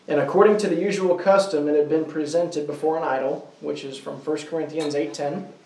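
Guy teaching a bible class in an echoey room, bit high voice, kinda far from the mic, keeps quizzing the group. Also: warm tone. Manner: asks the group questions, slows down to stress key words. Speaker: Bible study leader. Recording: roomy echo, voice from off-mic.

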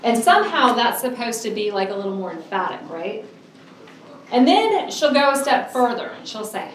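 A woman's voice: medium pitch, slight background noise. A middle-aged woman preaching a sermon, earnest and emphatic, drawing out key words. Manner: earnest, emphatic, with drawn-out stresses. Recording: echoey, from a distance.

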